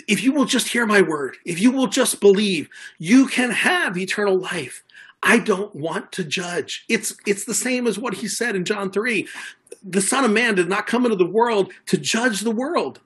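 A man preaching a sermon in an earnest, conversational way, often circling back over his words. His voice sits a little high for a man and has a husky edge. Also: lively intonation, normal speed, a bit bright. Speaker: pastor.

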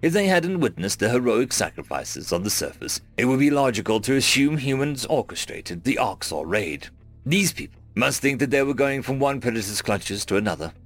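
A man narrating a first-person science fiction story in a measured storytelling manner. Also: mid-range voice, very animated. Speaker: audiobook narrator. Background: faint background music.

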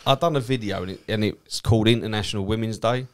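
A man with an Essex accent chats casually and tells stories, swearing freely and acting out the people in them. His voice sits a little low. He talks like a cab driver who does stand-up. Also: fast talker, slight background noise. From Essex, England. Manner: swears freely, acts out quoted people in a lively way. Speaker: cab driver and comedian guest. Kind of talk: casual chat, telling anecdotes.

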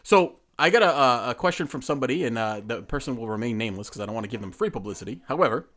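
A man's voice: mid-range voice, animated, rapid-fire, a bit bright. A man co-hosting a casual podcast chat, talking in a rambling, joking way with lots of restarts. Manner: rambling, self-interrupting, joking. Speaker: podcast co-host.

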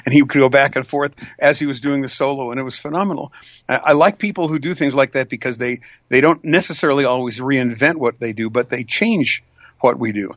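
A voice actor telling rambling anecdotes in a relaxed interview, with many restarts. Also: male voice, medium pitch, fairly quick, no room sound, highs cut off. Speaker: voice actor guest. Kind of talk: conversational interview talk.

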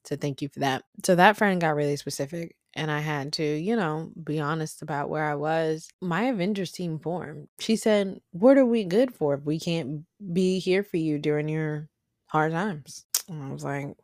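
Woman, low voice, podcast host, candid storytelling, conversational, dry close sound. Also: moderate pace, no room sound. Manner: conversational, animated storytelling with laughs. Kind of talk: candid personal monologue.

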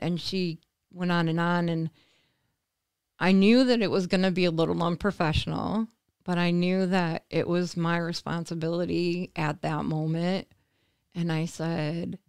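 Gravelly low-voiced woman telling a story. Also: takes it slowly, no room sound, studio quality. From United States. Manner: animated, acts out quoted voices, laughs between phrases. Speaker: interview guest. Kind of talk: conversational storytelling.

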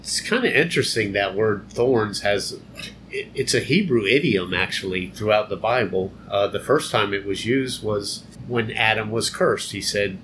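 A man giving an unhurried, conversational Bible teaching, explaining and repeating phrases for emphasis. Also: fairly low pitch, a bit bright, slight background noise, low-quality recording.

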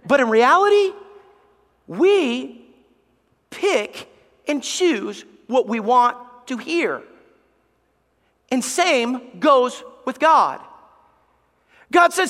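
A male pastor preaching a sermon, swinging between loud emphatic lines and hushed, near-whispered ones. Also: very high-pitched, very animated, slow pace, pauses often. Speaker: executive pastor. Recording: long reverb of a large hall.

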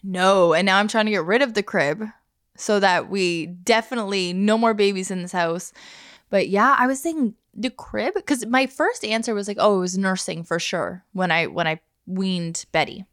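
Woman, 30s, podcast co-host, relaxed storyteller, mid pitch, dry close sound. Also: moderate pace, no room sound. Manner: chatty, storytelling, laughs easily. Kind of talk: casual chat.

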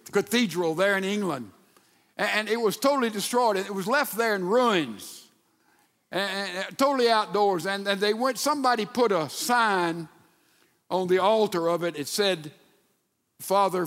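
A man preaching a sermon, telling stories and dropping from loud emphasis to a hushed near-whisper. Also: high voice, in a large hall. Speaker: pastor.

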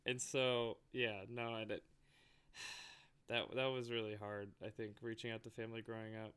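A man with a bright, smooth voice talks casually with friends. He tells stories with animation and breaks into laughter often. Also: on the low side, little pitch movement, moderate pace. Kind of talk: casual chat.

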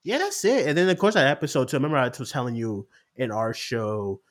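A young man co-hosting a casual podcast chat, excited, swearing often and acting out quotes. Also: medium pitch, fast talker. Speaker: podcast co-host.

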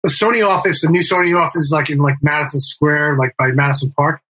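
A man's voice: on the high side, fairly even intonation, fast talker, a bit bright, breathy edge, low-quality recording. A middle-aged man telling a long story in casual interview talk, rambling with fillers and restarts and swearing. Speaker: guest, band member and music manager.

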